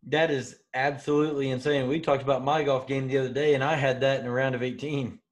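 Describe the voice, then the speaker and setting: A man's voice: mid-range voice, little pitch movement, fast. A man co-hosting a podcast, chatting in an easygoing way with fillers. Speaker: podcast co-host. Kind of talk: casual sports podcast chat.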